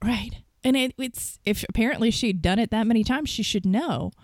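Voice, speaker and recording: A woman's voice: fairly high pitch, normal speed, dry recording, clean studio sound. A young woman in casual chat, telling stories about her work as a store manager and acting out callers with a sugary, mocking voice. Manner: animated, mimics callers in a sugary voice.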